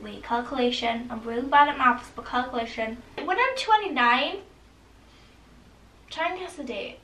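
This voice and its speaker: High-voiced chatty teen girl. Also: creaky, a bit bright. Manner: rambling, chatty, full of "like" and "honestly". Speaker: vlogger. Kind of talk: casual talk to camera. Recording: echoey room, mic at a distance.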